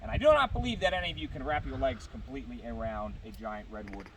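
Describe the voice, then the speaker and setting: A man's voice: mid-range voice, lively intonation, quick pace, far from the mic, noisy background. A man instructing a group outdoors on spar pole climbing technique, projecting his voice while he climbs. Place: outdoor yard.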